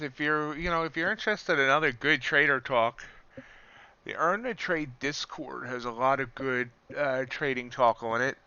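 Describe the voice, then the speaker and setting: A man hosting a live trading stream, talking casually in a loose, rambling, self-deprecating way with a smooth radio-style voice. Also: mid-range voice, sharp tone, no echo, lo-fi sound. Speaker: livestream trading host.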